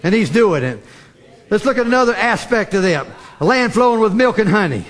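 Male preacher, very high and bright voice, fervent, repetitive, shouts his peaks. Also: big pitch swings, brisk. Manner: fervent, repeats phrases, builds to shouted emphasis. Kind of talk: sermon.

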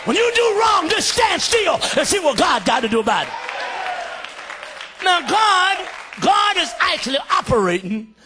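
A male preacher delivering a fiery shouted sermon, calling for amens and acting out voices. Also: extremely high pitch, very animated, a little slow, a crowd in the background.

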